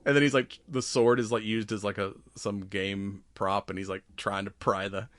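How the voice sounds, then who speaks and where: A man's voice: on the low side, little pitch movement, normal speed, a bit bright, no room sound, studio quality. A man in his forties co-hosting a podcast in casual chat, laughing often and acting out movie lines in silly voices. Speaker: podcast co-host.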